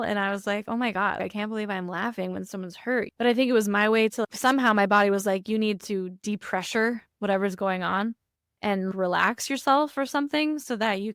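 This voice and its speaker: A woman's voice: mid-range voice, clean tone, no echo, studio quality. A woman in her thirties co-hosting a podcast, talking candidly and reflectively, with frequent laughs. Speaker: podcast co-host. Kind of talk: casual chat.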